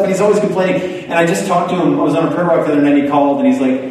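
A man preaching a sermon in a conversational way, turning lively when he quotes other people. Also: fairly high pitch, racing, hardly any pauses. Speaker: pastor. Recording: echoey hall, far from the mic.

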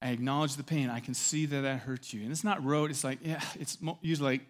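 A middle-aged pastor preaches a sermon with animated delivery, acting out quotes and swelling loud at key moments. His voice is medium in pitch and fast.

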